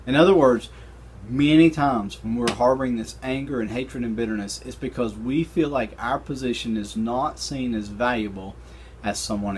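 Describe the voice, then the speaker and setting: A man teaching a recorded Bible study lesson, retelling scripture in an animated, conversational way with casual slang. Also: medium pitch, slight background noise.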